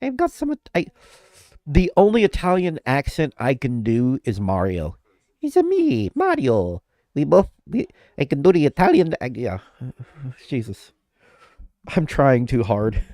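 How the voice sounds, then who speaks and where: On a live stream, a man with a mellow, easygoing mid-range voice chats at a measured pace while sick with flu-like symptoms. He rambles, cuts himself off mid-sentence, and laughs often. The audio is dry and close-miked, with no room echo.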